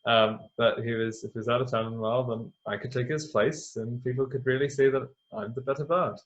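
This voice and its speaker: A man's voice: medium pitch, steady tone, a little fast, close to an everyday voice. A man voicing a nervous, resentful rival bard who stammers, hesitates and justifies himself. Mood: confessing. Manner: hesitant, flustered and self-justifying. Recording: dull lo-fi sound.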